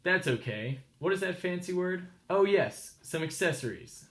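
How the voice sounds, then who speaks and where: A man with an American accent reading a children's picture book aloud slowly, stopping to explain words and ask listeners questions. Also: high voice, animated, bright, forceful tone.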